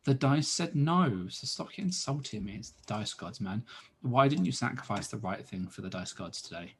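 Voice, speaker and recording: A man's voice: mid-range voice, expressive, moderate pace, gravelly, husky. A young man with dry, teasing humor, narrating as dungeon master of a tabletop game.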